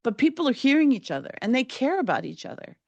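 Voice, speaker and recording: A woman's voice: high-pitched, sing-song, vocal fry, a little mellow, dry recording, highs cut off. Dry, close woman telling a true story. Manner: measured, vivid storytelling with dramatic build. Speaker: podcast host and storyteller. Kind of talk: first-person true storytelling.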